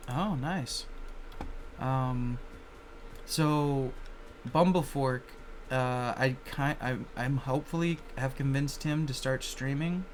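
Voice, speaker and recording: Guy streamer, mid-pitched, talks slow, lots of um and like. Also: a little hiss or hum. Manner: hesitant, full of "um" and "like". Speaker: streamer host. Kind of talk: casual live-stream chat.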